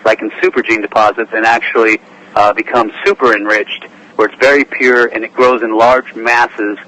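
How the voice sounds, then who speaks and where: A man being interviewed on talk radio, earnestly explaining how gold deposits form, with frequent pauses. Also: on the low side, level tone, sharp tone, low-quality recording. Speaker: guest, gold prospecting expert. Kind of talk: interview answers.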